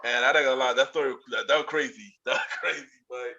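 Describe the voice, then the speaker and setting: A male podcast host with a bright, sharp-edged tone talks in a relaxed, slangy way. The audio is dull and lo-fi. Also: mid-range voice, quick pace. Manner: relaxed, reacts with laughs and easy slang. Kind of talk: casual interview chat.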